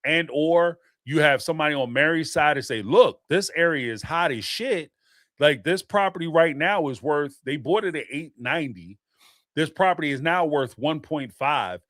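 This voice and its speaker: A man hosting a reality-TV podcast, talking in an animated, profane way and laughing often. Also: on the high side, moderate pace, no echo, studio quality. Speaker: podcast host. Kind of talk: casual reaction commentary.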